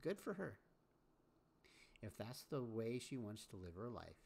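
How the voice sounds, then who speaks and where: A man's voice: medium pitch, big pitch swings, measured pace, vocal fry, a little mellow, slightly rough. A man hosting casual reaction commentary, scolding and chiming in with repeated agreement. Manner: scolding, repeats catchphrases like 'amen'. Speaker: commentary host.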